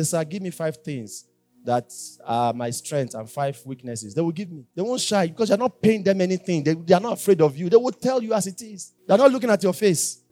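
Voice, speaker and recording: Emphatic high-voiced preacher. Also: male voice. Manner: emphatic, repeats phrases, swings between loud exhortation and quiet asides. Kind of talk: sermon.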